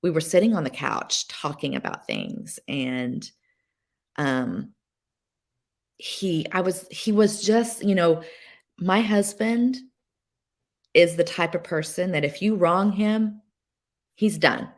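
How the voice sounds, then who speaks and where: A woman guest sharing a personal story on a podcast, emotional and halting, with many fillers and restarts. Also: on the low side, very animated, darkish tone. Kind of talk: candid personal testimony.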